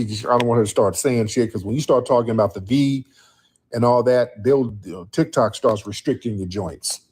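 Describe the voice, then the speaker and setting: Blunt husky-voiced man hosting a live stream. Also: fairly low pitch, a little mellow. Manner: blunt, talks straight to viewers in chat. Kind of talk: casual live stream chat.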